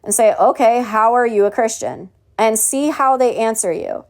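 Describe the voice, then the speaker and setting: Here a woman's voice sits on the high side and moves at a moderate pace. She teaches a home Bible study sermon, reading scripture out loud and asking rhetorical questions in a preachy, derisive way.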